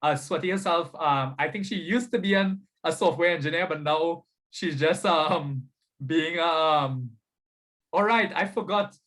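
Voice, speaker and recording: Hosting an online workshop by video call, a male spiritual coach keeps things casual and upbeat, often checking in with "you understand?" and "right?". He speaks unhurriedly in a fairly high, fairly bright voice.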